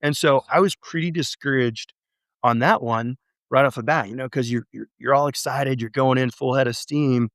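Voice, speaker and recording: A man telling his story as an interview guest, halting and restarting often, with lively acted-out quotes. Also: medium pitch, dry recording, studio quality. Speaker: real estate investor guest.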